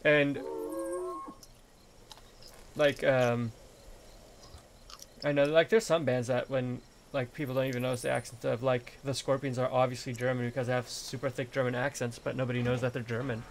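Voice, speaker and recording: Laid-back male gamer, gravelly voice, faint background noise, casual chat. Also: mid-range voice, level tone, moderate pace, pauses often. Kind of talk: casual chat while gaming.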